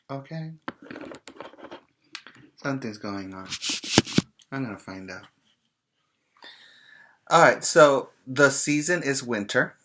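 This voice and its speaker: A man teaching preschoolers in an online class, chanting and singing in a slow, encouraging sing-song. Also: medium pitch, noisy background. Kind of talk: sing-song classroom lesson for small children. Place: home or classroom, recording for virtual class.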